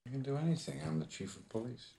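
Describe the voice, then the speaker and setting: An actor playing a wary middle-aged male police chief in a film, speaking in a dry, low-key way. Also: animated, fast, dark tone, breathy edge.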